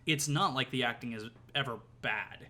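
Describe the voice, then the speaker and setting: A man co-hosting a podcast, chatting casually about a movie, animated and laughing often, with some swearing. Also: mid-range voice, moderate pace. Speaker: podcast co-host. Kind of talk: casual movie review chat.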